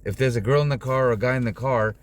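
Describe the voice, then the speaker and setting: A man's voice: medium pitch, fast, slight background noise. Chatty man vlogging from his car. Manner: chatty and rambling, addressing viewers directly. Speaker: rideshare driver and channel host. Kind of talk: casual vlog talk to camera.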